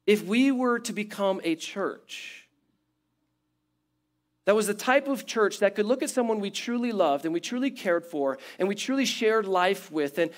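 A man preaching a sermon as pastor, building emphatic repeated phrases and then dropping to a quiet, low close.

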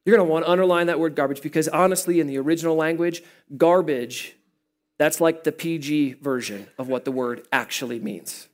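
High-voiced, animated male pastor preaching. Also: fairly quick. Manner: animated, playful, jokes with the congregation. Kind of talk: sermon.

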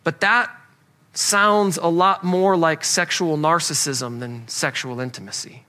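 A pastor preaching a sermon, earnest and conversational, repeating key phrases for emphasis. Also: male voice, a little high, measured pace, sharp tone.

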